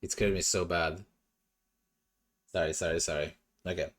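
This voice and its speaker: Speaking into a desk mic at home, this young streamer chats loosely with his audience, cursing and seeming a little self-conscious. His voice is low and slightly bright, with fairly even intonation and a normal speed.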